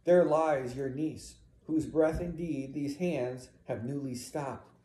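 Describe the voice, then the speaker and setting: A man voicing a tormented, proud general, speaking in heavy, deliberate lines. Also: mid-range voice, warm tone, lightly acted. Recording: roomy echo.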